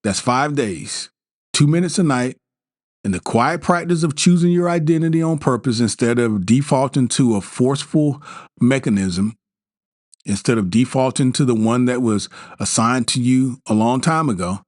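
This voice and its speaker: A man hosting a podcast, talking listeners through a bedtime self-help practice in a slow, gentle, repetitive way, with restarts and fillers. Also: medium pitch, no room sound, clean studio sound. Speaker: podcast host. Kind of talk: guided self-help talk.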